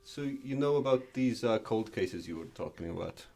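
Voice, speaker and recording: A man playing a tabletop game, speaking in character in a hesitant, deadpan way with fillers. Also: mid-range voice, moderate pace, vocal fry. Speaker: player. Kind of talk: tabletop role-play.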